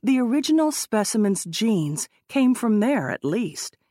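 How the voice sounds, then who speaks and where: A woman voicing a calm, knowledgeable male zookeeper explaining things in an audiobook. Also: fairly high pitch, a little slow, dry recording, studio quality.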